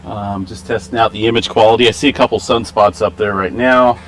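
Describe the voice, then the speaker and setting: A man hosting a casual live stream, chatting in a relaxed, rambling way with lots of fillers, through a camera microphone. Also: on the low side, brisk, slight background noise.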